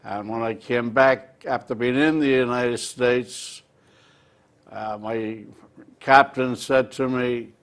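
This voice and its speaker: An older man with an Irish accent, recalling his seafaring youth in an interview and pausing often with "uh". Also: medium pitch, steady tone, a bit bright. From Ireland. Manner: measured, with frequent "uh" pauses. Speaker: interview guest. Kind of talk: reminiscing in a local TV interview.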